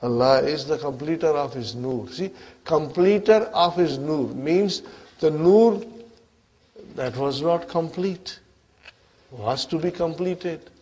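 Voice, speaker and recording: A man teaching an Arabic grammar class, his voice on the higher side. He keeps quizzing his students and asks again and again whether they follow. He moves back and forth between English and Arabic as he explains. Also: takes it slowly, a little mellow. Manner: questioning, checks understanding often.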